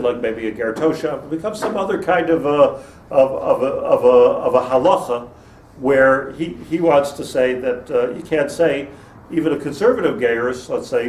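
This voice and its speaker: A man's voice: fairly high pitch, darkish tone. A man, a rabbi, giving an informal Torah lecture to a class, digressing, restarting sentences and laughing at his own jokes. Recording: roomy, distant mic with faint noise.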